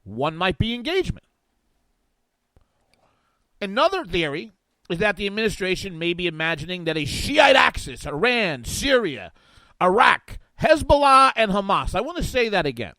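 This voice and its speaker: A male guest host on political talk radio reads an article aloud and picks it apart in a sarcastic, animated riff at normal speed. His high voice ranges widely. It's recorded on a studio microphone, dry and echo-free.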